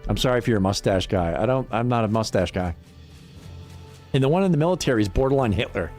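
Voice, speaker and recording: Lively, profane male streamer chatting. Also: medium pitch, faint music behind. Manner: profane, rambling, quick to laugh. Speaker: livestream gamer. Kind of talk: casual livestream chat.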